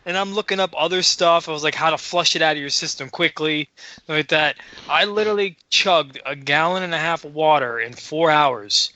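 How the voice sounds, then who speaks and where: A man co-hosting a podcast, telling a story in casual chat, excitable and full of swearing. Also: on the high side, normal speed, no room sound, lo-fi sound. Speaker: podcast co-host.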